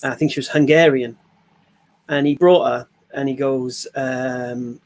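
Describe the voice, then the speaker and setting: A man from England, a panel guest in a casual group chat, tells stories animatedly in a mid-range voice at a slightly slow pace. He acts out the voices of the people he quotes.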